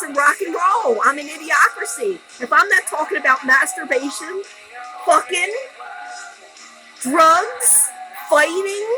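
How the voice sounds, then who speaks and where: A woman's voice: very high voice, rough recording. A woman telling her personal story in a raw, rambling monologue, blunt and profane. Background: music.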